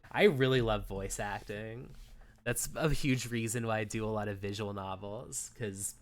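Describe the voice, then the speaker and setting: Young male streamer, lowish voice, rambling casual chat and read-aloud narration. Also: normal speed. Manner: rambling, many fillers, chatty. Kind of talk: live game stream, reading aloud and chatting.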